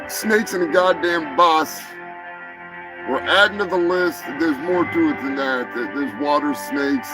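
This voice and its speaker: A man hosting a crude live show, rambling and swearing, jumping from loud outbursts to mumbled asides. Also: on the high side, measured pace, rough recording. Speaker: show host. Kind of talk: crude live-stream rant. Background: music.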